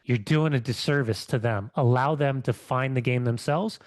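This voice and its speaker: A man's voice: medium pitch, moderate pace, darkish tone, no room sound. Fired-up middle-aged man, dry sound. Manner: fired-up ranting with restarts. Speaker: podcast co-host, former athlete. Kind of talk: casual podcast chat.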